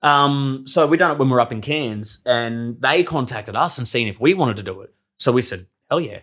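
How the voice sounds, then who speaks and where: A man's voice: mid-range voice, lively intonation, normal speed, a bit bright. A young man telling stories casually on a podcast, swearing freely, laughing often and acting out what people said. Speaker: podcast guest, circus performer. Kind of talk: casual storytelling chat.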